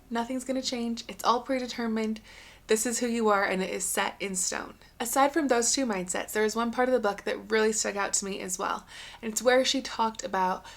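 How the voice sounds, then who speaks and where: A young adult woman hosting a solo podcast, talking in an earnest, encouraging, conversational way. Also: a little high. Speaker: podcast host.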